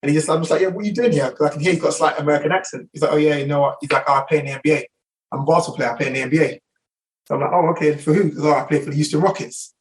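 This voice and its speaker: A middle-aged London man talks in a rapid rush, piling on fillers and restarts. His voice sits slightly high. He sounds a little distant from the microphone. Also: steady tone. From England. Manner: rapid anecdotal, many fillers. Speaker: guest barber. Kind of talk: casual storytelling interview.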